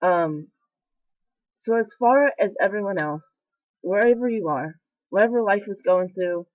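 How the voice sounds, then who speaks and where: A woman's voice: medium pitch, expressive, measured pace, dry recording. Candid young woman vlogging. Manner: candid, rambling, emotional, with frequent fillers. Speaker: military trainee vlogger. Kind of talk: casual confessional vlog. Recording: dry, slightly dull lo-fi sound.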